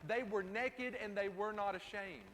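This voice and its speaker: A man's voice: high-pitched, a little slow, a bit bright, slight background noise. A man preaching a sermon in an emphatic way, repeating key phrases, recorded in a church sanctuary. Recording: distant, reverberant hall with faint ambience.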